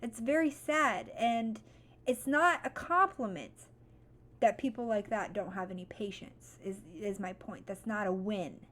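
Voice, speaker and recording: A young woman vlogger giving a motivational talk, blunt and profane, swinging from calm advice to loud venting. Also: mid-range voice, measured pace.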